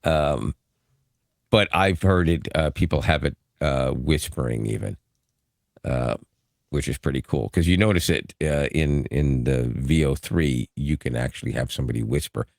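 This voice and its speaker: A man's voice: very deep voice, moderate pace, vocal fry, darkish tone, dry recording, clean studio sound. A man co-hosting a casual podcast chat on a broadcast dynamic microphone. He rambles, restarts himself and laughs often. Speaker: podcast co-host.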